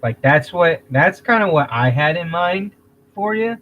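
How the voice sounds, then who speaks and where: A man hosting a casual livestream, talking in a rambling, halting way, restarting phrases and clearing his throat. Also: on the high side, expressive, fairly bright tone, highs cut off, slight background noise. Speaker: livestream host.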